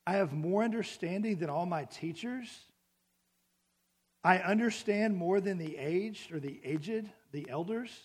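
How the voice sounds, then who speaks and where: A man's voice: sits high, a little slow, slightly rough. A man preaching a sermon to a congregation in a church, conversational and full of questions to the room. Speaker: pastor.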